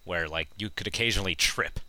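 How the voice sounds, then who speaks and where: A man's voice: deep voice, fast, sharp tone. A man hosting a casual gaming podcast, reading out news items and chatting with many fillers and frequent laughs. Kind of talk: casual chat.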